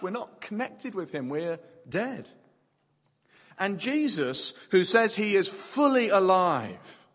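Guy giving a fun sermon, husky voice that jumps all over, big echoey hall. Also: high voice. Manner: lively, playful, uses props, repeats words. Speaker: preacher. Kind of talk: sermon for a family audience. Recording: long hall reverb.

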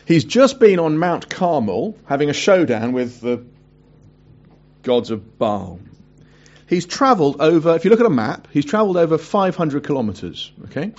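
Husky lo-fi preacher man. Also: fairly high pitch, moderate pace. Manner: animated, asks the listeners questions, reads scripture aloud in a hushed voice. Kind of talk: sermon. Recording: dull lo-fi recording.

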